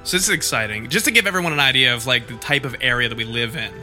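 A man's voice: mid-range voice, very fast, sharp tone, faint music behind. A man co-hosting a casual podcast, joking around and laughing often. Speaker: podcast co-host. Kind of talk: casual chat.

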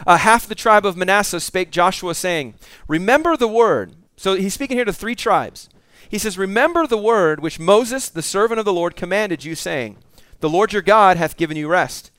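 A man's voice: high voice, fairly bright tone, clean tone, dry recording. A man preaching a conversational sermon, reading scripture aloud and adding casual asides. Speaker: pastor.

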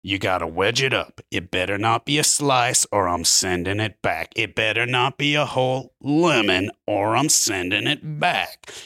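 A man's voice: fairly low pitch, expressive, measured pace, hardly any pauses, bright, forceful tone, no echo, clean studio sound. A man from Maryland guesting on a comedy podcast, riffing through playful comic rants. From Maryland, USA. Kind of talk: casual chat.

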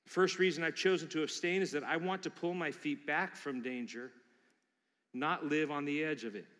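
A middle-aged male pastor with a high, bright voice delivers a sermon woven with personal stories. He talks in an animated way and slips into character voices for the people in his anecdotes. His voice rings out with the long reverb of a big church hall. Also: normal speed.

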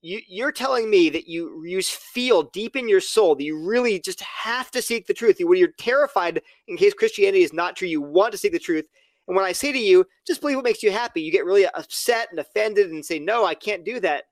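High-voiced man arguing earnestly. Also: lively intonation, brisk, dry recording. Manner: earnest, argumentative, acts out quoted dialogue. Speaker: podcast guest. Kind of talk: casual podcast conversation.

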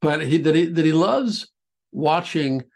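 On a podcast, a man talks casually about his interviews, often halting and repeating words as he restarts sentences. His voice is fairly high, animated, and gravelly, with a slightly mellow quality.

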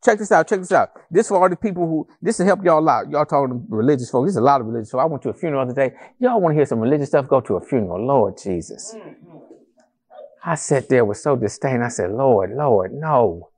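A male pastor preaching a sermon to a congregation in a church, animated and conversational, with rhetorical questions and calls to the congregation. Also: medium pitch, fast talker. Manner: addresses the congregation as family, calls for responses.

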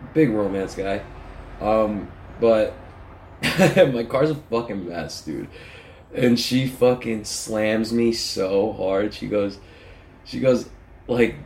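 Low, mellow-voiced man rambling profanely. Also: slight background noise. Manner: profane, rambling, self-mocking. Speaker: podcast host. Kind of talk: rambling casual monologue. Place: his messy bedroom. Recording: poor audio.

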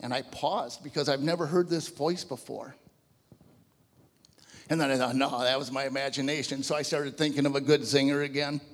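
A man in his fifties giving a personal testimony to a church audience, telling his story in an animated, conversational way. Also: medium pitch, normal speed, in a large hall. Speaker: guest speaker giving a testimony. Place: large church hall before a live audience.

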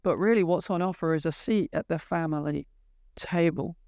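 A man's voice: a little high, a little mellow, no echo, clean studio sound. A man preaching a sermon, retelling scripture and making earnest, pleading appeals to his listeners. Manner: retells scripture with emphatic pauses.

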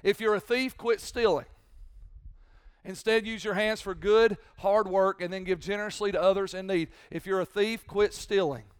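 Male pastor, sermon delivery, resonant and bright-pitched, repetitive and forceful. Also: steady tone, moderate pace, clean tone, no room sound, clean studio sound. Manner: preaching with rising, shouted emphasis and repetition.

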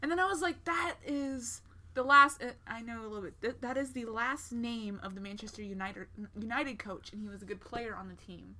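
A woman's voice: fairly high pitch, a little fast, few pauses, a bit bright. A woman co-hosting a casual book chat, blunt and sarcastic, swearing freely. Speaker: podcast co-host.

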